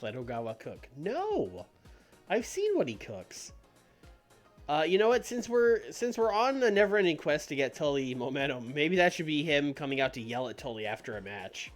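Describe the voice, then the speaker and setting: A man's voice: on the high side, expressive, fairly quick, hardly any pauses, soft background music. Wry man muttering through a game. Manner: wry, muttering asides with frequent laughs. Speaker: game streamer. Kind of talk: casual let's-play commentary.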